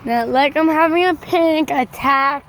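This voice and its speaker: A young woman vlogging from a roadside, chatting excitedly and calling out to passing trucks. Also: sits high, moderate pace, slight background noise. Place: roadside outdoors by traffic.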